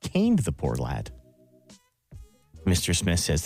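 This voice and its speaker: A man's voice: low voice, lively intonation, moderate pace, soft background music. A young man co-hosting a radio show, telling a long joke in a playful, laughing way. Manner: playful, laughs often, voices characters in his joke.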